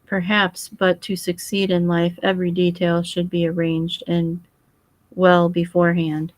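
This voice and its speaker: A woman voicing a precise, fussy foreign male detective who speaks in formal, measured phrases. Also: fairly low pitch, monotone, dry recording, natural voice.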